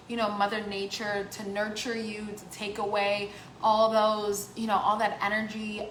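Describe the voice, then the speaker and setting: A woman life coach talking casually to the camera, animated, acting out voices in the quotes she gives. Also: on the high side, roomy sound, a little hiss or hum, rough recording. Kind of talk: casual vlog talk.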